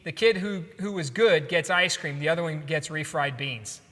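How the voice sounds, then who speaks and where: Male host, high bright voice, jokey and laugh-prone, hall reverb. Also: moderate pace. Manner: laughs often, upbeat and joking. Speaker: podcast host. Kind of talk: casual chat reading memes aloud.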